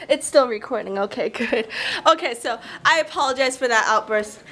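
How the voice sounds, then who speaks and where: A woman's voice: on the high side, expressive, moderate pace, bright, forceful tone. A woman vlogging a casual chat with friends, laughing often. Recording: echoey room, off-mic, crowd noise.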